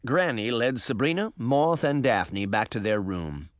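A man narrating a children's storybook with expressive, varied delivery. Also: medium pitch, measured pace, no room sound, clean studio sound. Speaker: audiobook narrator.

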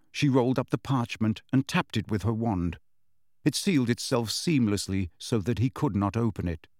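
A man with a mid-range voice narrates a novel as an audiobook, telling the story in a measured, expressive way. The scripted reading is studio quality, with no room sound.

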